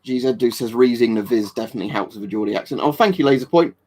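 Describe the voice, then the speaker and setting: English male streamer, mid-pitched, offhand and rambling, casual viewer Q&A. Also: very fast, a little mellow. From England. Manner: rambling and offhand, with many fillers and restarts. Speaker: livestream host. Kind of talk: casual live-stream chat answering viewer comments.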